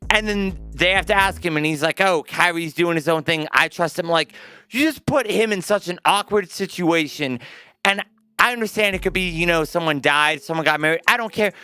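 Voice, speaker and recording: A man's voice: high-pitched, brisk, bright, forceful tone, clear, resonant tone. A young man giving a casual, profane sports opinion rant to his viewers, emphatic and talking like he's chatting with a friend. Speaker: sports commentary vlogger.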